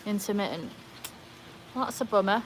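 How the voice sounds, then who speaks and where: A woman chats casually on a livestream in her backyard by the pool, reading viewer comments and joking about herself. Her voice sits at a middle pitch. There is no external mic, only a phone, and a faint outdoor hiss hangs underneath. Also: lively intonation, normal speed. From North Wales. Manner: chatty, self-deprecating, walks around the yard. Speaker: livestream host.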